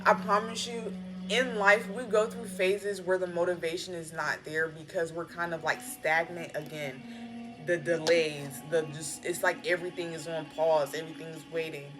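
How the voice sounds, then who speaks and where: A woman's voice: fairly low pitch, fairly even intonation, normal speed. A woman giving a casual, slangy spiritual pep talk while reading tarot cards. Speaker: tarot reader. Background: background music.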